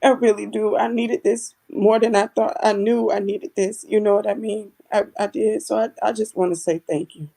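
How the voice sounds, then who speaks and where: A woman's voice: mid-range voice, steady tone, normal speed, vocal fry, few pauses, mellow. A woman in the audience giving feedback, speaking candidly, emotionally and casually. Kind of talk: casual heartfelt testimony.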